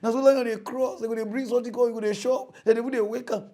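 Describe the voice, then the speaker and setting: A man's voice: very high-pitched, steady tone, fast, few pauses, warm tone. A man with a Nigerian Pidgin accent ranting comically as a mock-news presenter, mocking and exclaiming. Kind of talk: comedy rant in mock news.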